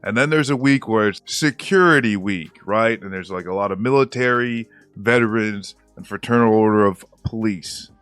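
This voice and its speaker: A man's voice: lowish voice, normal speed, hardly any pauses, a bit bright, clean tone, no echo, soft background music. A man interviewing a guest in casual talk, loose and blunt, heavy on fillers and profanity.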